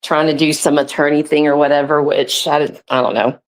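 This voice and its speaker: Giggly low-voiced woman guest. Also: fairly even intonation, brisk. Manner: giggly, teasing. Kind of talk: casual chat.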